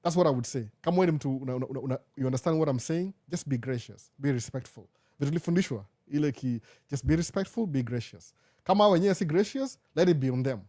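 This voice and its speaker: A man's voice: on the high side, fast talker, dark tone. A young Kenyan man with a Kenyan accent, hosting a casual live Q&A chat and switching back and forth between Swahili and English. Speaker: live show host.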